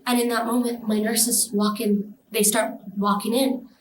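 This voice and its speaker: A woman's voice: on the high side, level tone, unhurried, reverberant, a little hiss or hum, low-quality recording. A woman telling a personal experience in an interview, emotional and vivid, acting out the voices of others. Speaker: interview guest.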